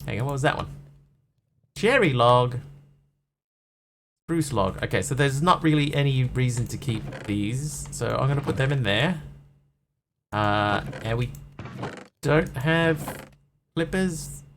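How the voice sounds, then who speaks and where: A man talks his way through a game on a live stream, wandering off topic and poking fun at himself. His voice sits at a middle pitch, neither high nor low. A faint hum runs beneath the recording. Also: lively intonation, slow, pauses often, fairly bright tone. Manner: chatty, rambling, self-mocking. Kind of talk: casual live-stream chat while gaming.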